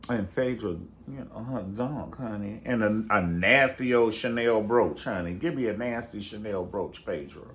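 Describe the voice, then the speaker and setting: A man's voice: lowish voice, normal speed, hardly any pauses, a bit bright. A man chatting casually and sassily, gossipy and profane, calling the viewer "honey". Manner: sassy, gossipy, profane, says "honey" a lot. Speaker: reality TV reviewer. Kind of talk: casual chat.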